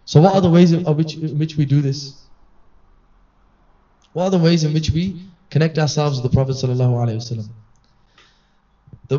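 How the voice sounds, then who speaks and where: An earnest male preacher with a slightly high, dark voice sounds distant and muffled as he gives a conversational, sermon-style reminder in a gathering hall. He acts out the voices he quotes, and the far-off mic yields a dull, lo-fi recording.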